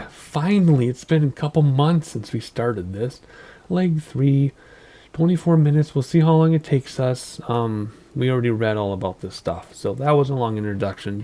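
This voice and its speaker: Hosting a flight sim channel, a tired, sleep-deprived man gives casual, rambling gameplay commentary. His voice is lowish, creaky, and dark, and he keeps saying "um" and correcting himself.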